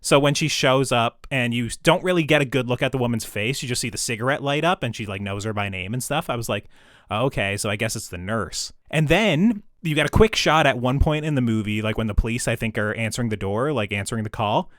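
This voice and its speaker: A man's voice: medium pitch, a little fast, no echo, clean studio sound. A man co-hosting a podcast, rambling casually and laughing, sometimes dropping his voice. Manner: rambling, laughing, drops soft at times. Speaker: podcast co-host. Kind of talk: casual chat.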